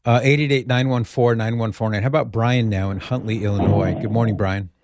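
A middle-aged man hosting a talk radio show, telling stories in a relaxed way with fillers, in a studio. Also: fairly low pitch, brisk, background noise. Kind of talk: casual talk radio chat. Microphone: studio microphone.

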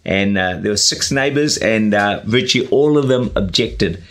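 With an animated, lowish and slightly bright voice at normal speed, this man preaches an earnest, exhorting sermon peppered with "uh" and "you know." He's a pastor and radio preacher, recorded on camera.

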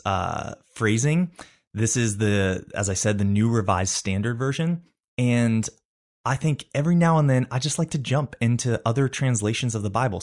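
A man hosting a devotional Bible study, talking in an earnest, reflective and conversational way. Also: fairly low pitch.

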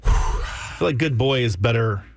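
Male radio sidekick, wisecracking, lively pitch, dry close mic. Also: unhurried, no echo. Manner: wisecracking, teasing. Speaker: radio show co-host. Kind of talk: casual morning radio banter. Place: radio studio.

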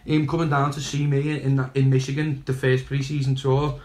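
A man's voice: medium pitch, flat delivery, brisk, darkish tone, reverberant. A young man telling a story in casual, rambling fashion, swearing and laughing along the way. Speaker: guest.

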